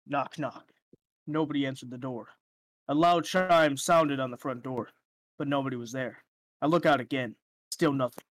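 A podcaster putting on a spooky narrator voice, reading a creepy story slowly and low. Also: lightly acted. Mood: ominous. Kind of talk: joke reading.

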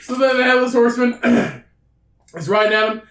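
A man with a fairly high voice rambles through a crude, profanity-laced story in casual podcast chat. His voice rings in a roomy, echoey space. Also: normal speed, gravelly, a bit bright. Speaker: podcast co-host.

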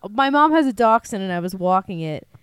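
A young woman co-hosting a podcast, casual chat with quick sarcastic quips. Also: medium pitch, very animated, a crowd in the background. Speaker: podcast co-host.

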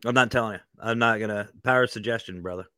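A man co-hosting a casual podcast, speaking haltingly and carefully, often repeating his words. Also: lowish voice, sharp tone, clean tone, dry recording. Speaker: podcast co-host. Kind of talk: casual chat. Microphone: headphones and home mic.

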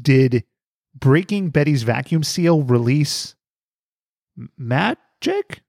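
A man co-hosting a podcast, telling the story of an episode in a casual, jokey way. His pitch swings widely as he talks, and he laughs often. The sound is close and dry. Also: lively intonation, takes it slowly, vocal fry, a little mellow, no room sound. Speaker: podcast co-host. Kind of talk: casual comedic chat recapping an episode.

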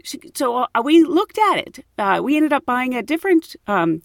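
A woman's voice: high voice, sing-song, moderate pace, vocal fry, dry recording, clean studio sound. A woman casually telling funny personal stories, laughing often and acting out her own thoughts. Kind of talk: casual storytelling.

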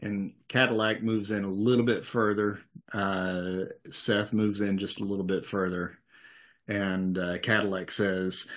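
A man's voice: fairly low pitch, level tone, a little slow, a bit bright. A man narrating as game master of a tabletop game, casual with many fillers.

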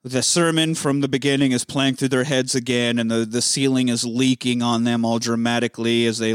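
A man's voice: mid-range voice, little pitch movement, fairly quick, hardly any pauses, clear, resonant tone. A man casually recapping a movie on a podcast, rambling and swearing as he acts out the scenes. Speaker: podcast co-host.

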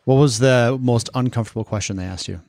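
A man's voice: medium pitch, fast talker, vocal fry, a little mellow, dry recording, studio quality. A man co-hosting a casual podcast, chatty and teasing, asking lots of follow-up questions. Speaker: podcast co-host.

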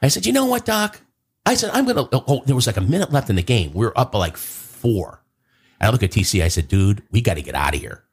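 Deep husky man. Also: quick pace. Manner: animated, acts out quotes in a raised voice. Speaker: podcast host telling a story. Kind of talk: casual storytelling chat.

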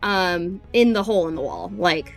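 A woman's voice: lowish voice, normal speed, soft background music. A woman player in a tabletop game who explains her plan hesitantly, searching for words.

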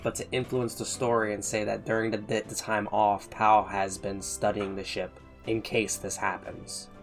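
A man's voice: on the low side, level tone, normal speed, faint music behind. A man playing a tabletop game, talking casually with earnest stammering restarts. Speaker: player.

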